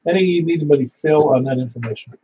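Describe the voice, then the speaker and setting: A man's voice: a little high, quick pace. Folksy man running a radio net. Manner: folksy, rambling, repeats details to confirm them. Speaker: net control operator for an amateur radio net. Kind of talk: casual radio net announcements. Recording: slightly dull sound with faint hiss.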